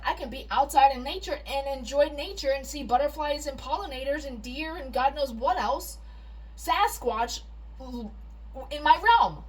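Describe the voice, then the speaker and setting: A woman with a slightly high voice vlogs casually from her backyard garden at dusk, recording on a handheld phone as she walks around. Her talk rambles, drifting between quiet, soft-spoken musing and loud, exasperated venting. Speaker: vlogger.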